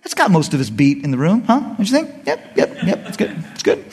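A male pastor preaching a sermon to a congregation in an animated way, acting out the people and God as he goes. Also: high voice, a little fast, hardly any pauses, husky, big-room sound.

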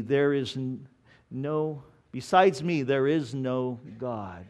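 A male pastor preaching a sermon. He often repeats words as he tells a story and slows down to read scripture with emphasis. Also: mid-range voice, lively intonation, a little mellow. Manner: repeats words while telling stories, slow emphatic scripture reading.

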